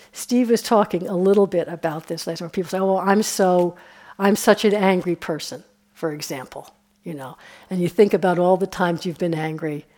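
A woman meditation teacher giving a relaxed, conversational dharma talk on a retreat, often chuckling. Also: fairly low pitch. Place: retreat center hall.

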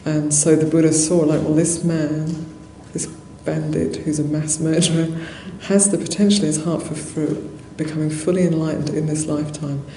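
A Buddhist nun giving a dharma talk in a monastery hall, telling a story conversationally with soft laughs and many fillers. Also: female voice, low-pitched, flat delivery, normal speed, hardly any pauses. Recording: roomy hall echo, faint noise.

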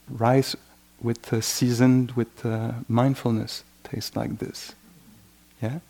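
A man leads a dharma talk in an unhurried, reflective way. His voice sits at a middle pitch with a gravelly fry, and he keeps checking in with "you know" while voicing the mind's passing thoughts. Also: little pitch movement, mellow. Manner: acts out inner voices in quoted asides. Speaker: meditation teacher.

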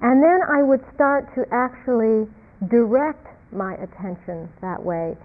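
A woman meditation teacher giving a reflective dharma talk, halting and repeating words, with soft laughs. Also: on the high side, lively intonation. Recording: tinny phone-like lo-fi sound.

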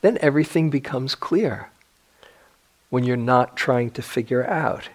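An older man giving a dharma talk as a meditation teacher, speaking in a reflective way with gentle pauses and restarts. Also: medium pitch.

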